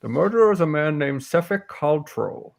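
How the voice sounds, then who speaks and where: A man voicing a gruff, blunt old female warrior who speaks slowly and haltingly. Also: fairly high pitch, very animated, voice pushed up. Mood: scornful.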